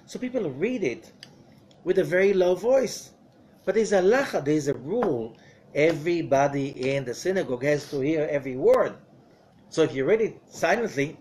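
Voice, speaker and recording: A lively rabbi giving a lesson. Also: male voice, on the high side. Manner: lively, conversational teaching with rhetorical questions. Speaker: rabbi teaching Zohar. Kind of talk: Torah study lesson.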